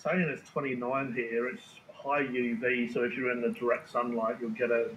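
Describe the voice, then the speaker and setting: A man's voice: medium pitch, level tone, moderate pace, a bit bright. Man in casual roomy chat. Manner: rambling, restarts often, swears casually. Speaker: food review video maker. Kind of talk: casual chat on a live stream. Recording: roomy space with faint ambient noise.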